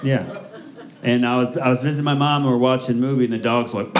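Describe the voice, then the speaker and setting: A man telling a laid-back stand-up story that rises when he gets excited. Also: medium pitch, slow pace, long pauses. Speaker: stand-up comedian. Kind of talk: stand-up routine. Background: laughing audience.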